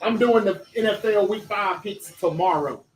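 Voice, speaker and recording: A man hosting a casual sports talk livestream, chatty and animated, reading viewer comments aloud and talking straight to his chat. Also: high-pitched, normal speed, roomy sound, recorded from a distance, faint music behind, poor audio.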